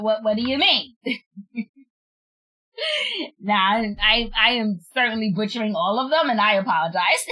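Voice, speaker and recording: A woman's voice: fairly high pitch, bright, forceful tone. A woman streamer, chatting casually and laughing at herself while trying out French words. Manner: giggly, self-deprecating, drawls out French words. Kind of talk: casual chat while unboxing.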